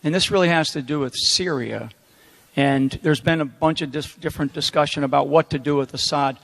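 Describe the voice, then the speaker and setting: A man's voice: a little high, fairly quick, creaky, a bit bright. Male moderator with a hesitant question. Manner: hesitant, wordy lead-in before his question. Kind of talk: town hall question.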